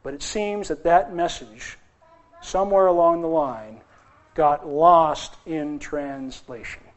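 Emphatic high-voiced male preacher. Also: slow. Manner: emphatic preaching, repeating phrases with rising intensity. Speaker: pastor. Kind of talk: sermon.

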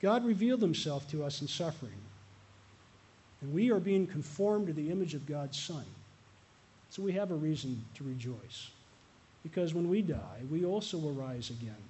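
High-voiced male pastor preaching. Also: lively intonation, normal speed, dark tone, slightly rough. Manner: earnest, repeating a refrain, light asides to the congregation. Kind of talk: sermon. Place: church.

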